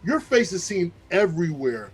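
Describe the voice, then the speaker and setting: A man's voice: high voice, big pitch swings, normal speed, a loud crowd. A man co-hosting a casual interview, chatty and enthusiastic. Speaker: cosplayer co-host.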